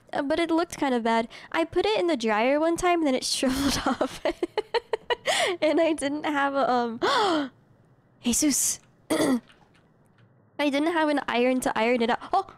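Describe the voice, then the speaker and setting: A woman's voice: high-pitched, a little slow, long pauses, no room sound. A young adult woman streaming a game live, chatting with her viewers in a casual way and swearing now and then. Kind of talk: live gameplay commentary.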